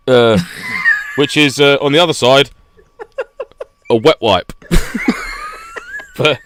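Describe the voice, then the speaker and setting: A man's voice: medium pitch, a bit bright, slight background noise. Laughing, ranting man on a podcast. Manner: jokey ranting, frequent laughter. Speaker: podcast co-host. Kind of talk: casual chat.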